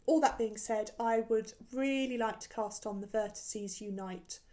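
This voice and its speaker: A woman's voice: on the high side, unhurried, mellow. A woman hosting a knitting podcast, chatting casually about her projects with many ums and restarts. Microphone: camera recording, showing work.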